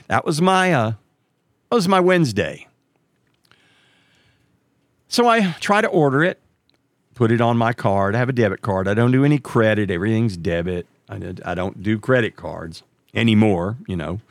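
A middle-aged man tells a long story in a casual monologue. His gravelly voice rises and falls a lot, and it jumps high whenever he quotes someone else. The sound is dry and close, with no room echo. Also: normal speed, pauses often. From Texas. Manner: animated, jumps way up in pitch when quoting others.

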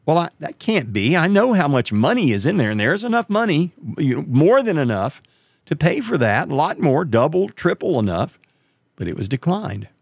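A middle-aged man, telling a story casually and jumping way up in pitch when he quotes other people. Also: normal speed, vocal fry, husky, no echo. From Texas. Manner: animated, jumps way up in pitch when quoting others.

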